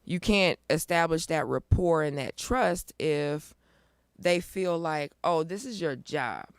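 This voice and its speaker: A middle-aged woman who founded a nonprofit is a guest in a casual interview, upbeat and emphatic, pushing hard on her points. Her low voice is smooth and clean, and she speaks slowly on a dry, close recording with no room sound.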